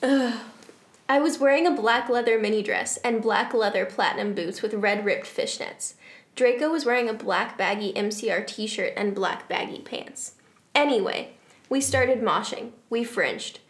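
A woman's voice: on the high side, moderate pace. A woman podcast host reading fan fiction aloud for laughs, with amused asides. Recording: roomy echo.

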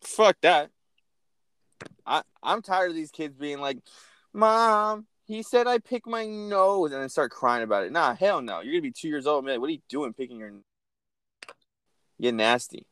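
A young man in casual conversation, rambling through an animated story and cursing freely. His pitch sits mid-range for a man. The sound is close and dry, with no room around it. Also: moderate pace, pauses often, no echo. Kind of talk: casual chat.

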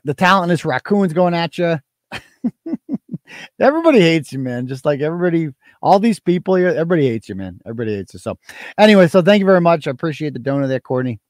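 A man's voice: a little high, a little mellow, no room sound. A man hosting a live stream, reading donations and ranting in a profane, mocking, combative way. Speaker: live show host.

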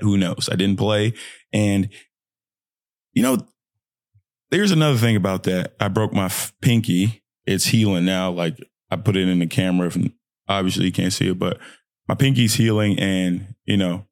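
A young man, a pro basketball player, talking casually and motivationally about mindset, breaking into high-pitched joking voices. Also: moderate pace, dry recording, clean studio sound. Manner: animated, swings into high joking voices and trash talk.

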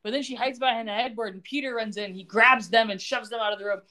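With a fairly high pitch and quick pace, a woman co-hosting a casual podcast goes over a TV soap, acting out what characters say and laughing. Her delivery is animated.

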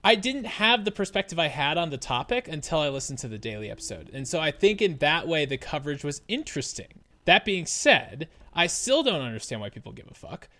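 A man co-hosts a podcast in loose, casual chat. He rants with exasperated energy and swears freely, and his pitch swings widely from low grumbles to high outbursts. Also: very animated, brisk, hardly any pauses, sharp tone. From United States. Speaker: podcast co-host.

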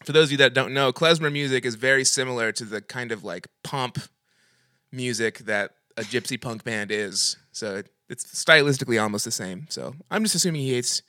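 A man's voice: mid-range voice, fairly quick, bright, forceful tone, no echo, studio quality. A young man co-hosting a podcast, chatting casually and profanely, laughing often. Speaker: podcast co-host. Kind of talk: casual chat.

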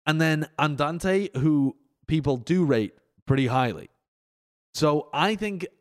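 Opinionated male esports panelist. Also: fairly high pitch. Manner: opinionated, animated slang. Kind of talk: casual esports analysis chat.

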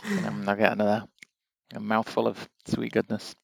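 A man's voice: on the low side, flat delivery, moderate pace, gravelly, slight background noise. A young man co-hosting a casual game session with friends, joking around and laughing often. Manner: playful, laughs often, swears when frustrated. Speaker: game co-host. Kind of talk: casual let's-play chat.

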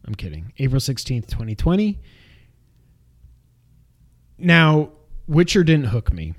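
A man's voice: on the high side, huge pitch swings, slow pace, vocal fry. Joking, rambling man chatting about games. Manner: jokey, rambling, laughs at himself. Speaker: podcast co-host. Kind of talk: casual gaming chat.

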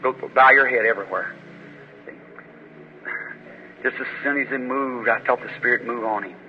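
A man with a mid-range voice and normal speed preaches at a faith healing service, praying fervently and commanding with force when rebuking. The background is noisy, and the old recording is muffled, made in a reverberant hall.

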